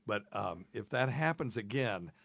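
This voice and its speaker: A man's voice: on the low side, animated, measured pace, vocal fry, fairly bright tone, no room sound. A man hosting a podcast as a doctor, telling a rambling, self-deprecating story in casual chat and laughing at himself.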